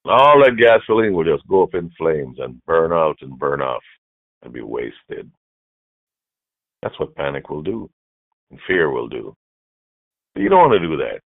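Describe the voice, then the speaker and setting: A man preaching a sermon as bishop, emphatic, repeating key phrases and swinging from hushed to loud. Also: extremely low pitch, very animated, unhurried, vocal fry, pauses often, no room sound. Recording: dry, phone-like narrow sound.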